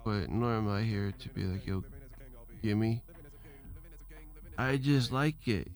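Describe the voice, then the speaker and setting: A man's voice: fairly low pitch, normal speed. A man hosting a solo podcast, rambling loosely with restarts, fillers and casual profanity. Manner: meandering, trailing off, frequent restarts and fillers; loose, profane and self-deprecating. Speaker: podcast host.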